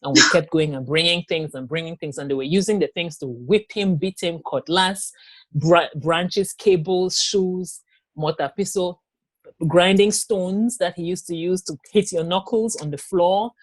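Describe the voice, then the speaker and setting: A woman giving a personal testimony in an interview, telling her story haltingly with pauses, restarts and quoted dialogue. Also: lowish voice, no room sound. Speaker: interview guest.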